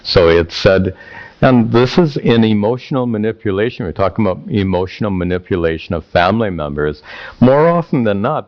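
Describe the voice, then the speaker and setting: A man teaching a scripture class, speaking haltingly with repeated words and chanting verses slowly. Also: low-pitched, dull audio.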